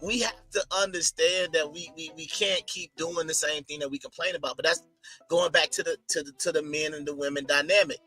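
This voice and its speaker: Man, podcast co-host, bright forceful voice, slangy laid-back chat, soft music behind. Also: on the high side, fairly even intonation, fairly quick.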